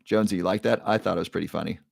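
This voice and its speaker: A man's voice: sits low, steady tone, racing, vocal fry, no echo. Chatty male livestream host, dry sound. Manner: chatty storyteller, repeats key phrases. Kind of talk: casual livestream monologue.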